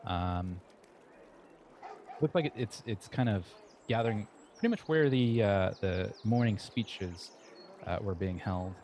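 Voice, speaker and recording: A man runs a tabletop game, narrating scenes and asking the players what they do. He pauses often and restarts his sentences. His voice is low, with faint noise behind it. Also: darkish tone. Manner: halting, lots of "uh" and restarts while describing scenes. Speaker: game master.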